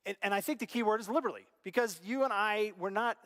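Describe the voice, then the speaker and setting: A middle-aged male pastor preaching a sermon, telling stories with animated delivery and acting out voices, dropping to a hush and rising again. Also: high-pitched, fast, in a large hall. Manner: animated storytelling, acts out quoted voices, big swings from loud to hushed. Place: church auditorium.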